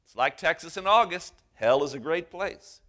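Preacher playing a happy-go-lucky texan guy, bright forceful tone, joke telling. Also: on the high side, lively intonation, moderate pace, voice pushed up. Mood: contented. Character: cheerful Texan man enjoying hell's heat.

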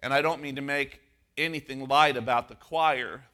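A man preaching a sermon as pastor, moving from a personal story to emphatic, slowed stress on key words. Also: medium pitch, steady tone, sharp tone.

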